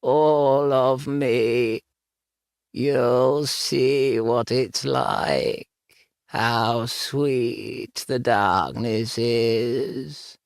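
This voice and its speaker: Cold, croaking ghost of a dead woman, read by a man, high and pleading, drawn out slow. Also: steady tone, no echo, clean studio sound. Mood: beseeching. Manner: slow, hushed, beseeching.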